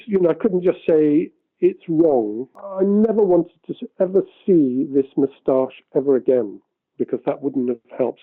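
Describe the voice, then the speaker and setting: A man tells a behind-the-scenes story in an interview, rambling and correcting himself as he goes. His voice is slightly high. The audio is thin and tinny, like an old phone-line archive recording. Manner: rambling, self-correcting, animated.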